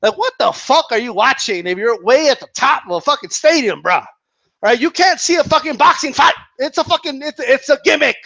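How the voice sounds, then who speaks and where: A man ranting about boxing in a sarcastic, animated way, swearing constantly and laughing often. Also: extremely high pitch, brisk, gravelly, no room sound. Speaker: boxing commentator. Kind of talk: profane ranting monologue.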